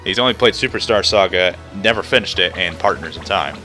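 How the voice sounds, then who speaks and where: A man's voice: low voice, fairly quick, bright, forceful tone, faint music behind. A young man giving casual, rambling commentary over a video game, often cutting himself off and joking. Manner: rambling, self-interrupting, jokey. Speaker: let's play commentator.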